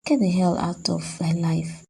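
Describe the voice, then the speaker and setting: A woman's voice: on the low side, moderate pace, dark tone, heavily acted, rough recording. A woman voicing a heartbroken, betrayed young fiancée in a cartoon, talking in a distressed, accusing way. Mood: angry. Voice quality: husky, gravelly. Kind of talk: cartoon voice acting.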